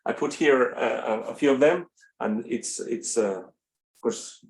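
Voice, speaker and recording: A man with a Spanish accent, a native Spanish speaker, giving an unscripted course lecture in a classroom, halting often, with many fillers and restarts. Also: medium pitch, lively intonation.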